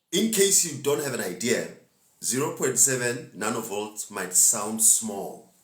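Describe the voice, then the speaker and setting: Man, low voice, casual slangy preaching, live stream, echoey room. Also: a bit bright. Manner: laid-back, preachy, laughs often, slangy asides. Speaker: spiritual teacher hosting a live stream.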